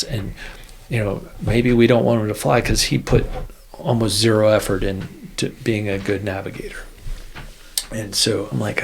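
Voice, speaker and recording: A man's voice: fairly low pitch, fairly even intonation, moderate pace, creaky, a little hiss or hum. A man, a former Air Force officer, tells a story in a casual interview, rambling with many restarts. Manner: rambling, full of "you know" and restarts.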